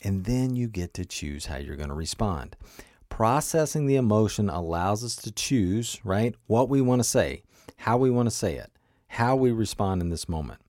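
A man's voice: lowish voice, animated, moderate pace, darkish tone, no echo, studio quality. A man giving an earnest coaching lesson, repeating key points and asking the listener questions. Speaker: teacher. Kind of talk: coaching talk on emotional regulation.

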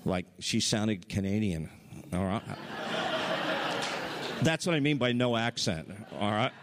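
A man preaching a sermon, telling stories with excitement and his voice jumping up high at the big moments. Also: a little slow, in a large hall, heavy background noise. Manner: excited storytelling, voice rising high at highlights. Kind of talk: sermon testimony.

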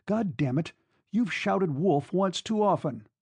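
A man's voice: sits high, animated, unhurried, creaky, a little mellow, breathy edge, dry recording, pitched above the performer's own voice, full character voice. A man reading a novel aloud and voicing a desperate, weary young soldier who speaks urgently. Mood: angry. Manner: urgent, raised, exasperated.

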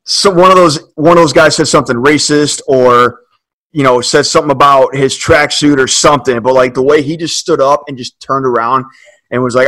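A man telling a long, animated story in a casual podcast chat, leaning heavily on filler words. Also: medium pitch, moderate pace, rough recording.

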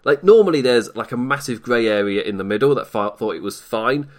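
A man's voice: mid-range voice, lively intonation, a little fast. Chatty British man hosting a wrestling show. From Britain. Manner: chatty, self-deprecating, laughs often. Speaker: wrestling podcast host. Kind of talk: casual solo commentary. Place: at home in isolation. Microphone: desk mic off to one side.

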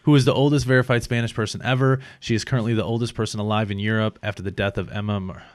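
A man's voice: fairly low pitch, fairly even intonation, rapid-fire, no echo, clean studio sound. A man in his thirties co-hosting a podcast, reading facts aloud in casual chat, stumbling over foreign names and swearing freely. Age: 30s. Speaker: podcast co-host.

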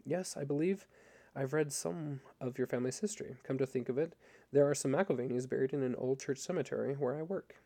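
A man reading a story aloud and voicing a polite, formal young gentleman, keeping close to his own gravelly voice. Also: mid-range voice, brisk. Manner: courteous and formal.

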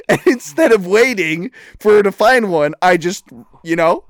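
Giggly, foul-mouthed high-voiced guy. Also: expressive, unhurried, dry recording, studio quality. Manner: crude and profane, laughing often while telling stories. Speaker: podcast co-host. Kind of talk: casual chat.

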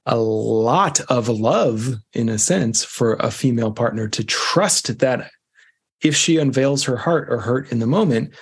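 Man, podcast guest, gravelly, husky, casual reflective advice. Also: medium pitch, expressive, unhurried. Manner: reflective, advice-giving, loose with fillers. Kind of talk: casual conversation.

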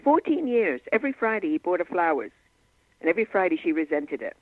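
A woman hypnotist, a guest in an interview, who tells client stories in an animated way and acts out the quotes. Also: lowish voice, fast, no room sound. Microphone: telephone. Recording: tinny dry phone line.

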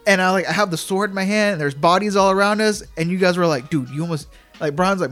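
A man's voice: sits high, fast, a bit bright, soft background music. A man telling a long dream story in casual chat, full of "like" and acted-out quotes. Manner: rambling, heavy use of "like", acts out quotes.

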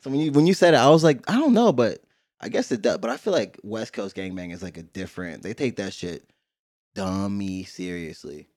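A man's voice: lowish voice, expressive, brisk, darkish tone, no room sound, clean studio sound. A man telling a story in a casual podcast chat, laughing often and acting out noises. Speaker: podcast co-host.

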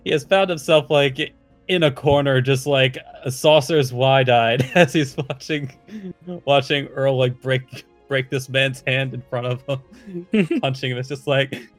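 A man playing a tabletop game, describing his character hesitantly with many fillers. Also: mid-range voice. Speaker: player.

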